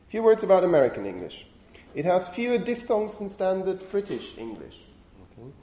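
A male university lecturer explains phonetics to his class and keeps checking in with questions. His voice sits fairly high. The hall is echoey, with a faint hum of room noise behind him. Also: brisk. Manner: lively, often asks the class questions.

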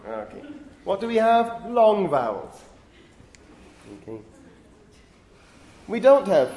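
A male university lecturer explains phonetics, often pausing to check in with "okay?". His voice sits a little high but sounds warm and mellow. The recording carries room echo and a faint hum of ambience. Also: big pitch swings. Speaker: linguistics lecturer.

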